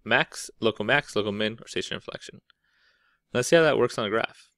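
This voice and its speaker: A man's voice: on the low side, fast, a bit bright, no room sound, clean studio sound. A man teaching a math lesson, explaining step by step in a casual way and often checking in with "right?". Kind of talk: classroom lecture.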